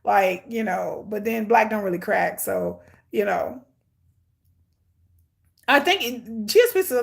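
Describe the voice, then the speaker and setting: A middle-aged woman giving blunt, sarcastic, animated commentary on a reality show she is watching. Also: medium pitch, slow, creaky, pauses often. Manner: hyperactive and energetic. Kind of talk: casual live watch-along commentary.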